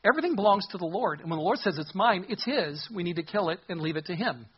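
A man preaching a Bible sermon in a loose, conversational way, voicing the quoted lines as he goes. His voice sits a little high and sounds husky. The recording is dull and muffled. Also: animated, fast. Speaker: pastor. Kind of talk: expository sermon.

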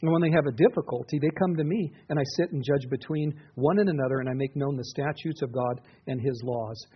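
A man's voice: medium pitch, a little fast, slightly rough. A middle-aged man preaching a sermon in an earnest, conversational way, often restarting his sentences. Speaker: pastor. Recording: dull, muffled lo-fi recording.

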